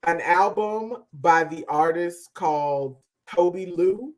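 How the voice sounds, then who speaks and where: A woman with a somewhat low voice co-hosts a podcast and reviews music in casual, chatty talk. She leans into her points with emphasis and lets some phrases trail off quietly. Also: slow pace. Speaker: podcast co-host.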